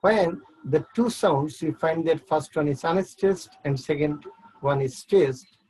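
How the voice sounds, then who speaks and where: Husky man teaching a class. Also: on the high side, measured pace, a little mellow, rough recording. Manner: explains step by step, repeats words while counting syllables. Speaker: English literature teacher. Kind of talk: online class lecture.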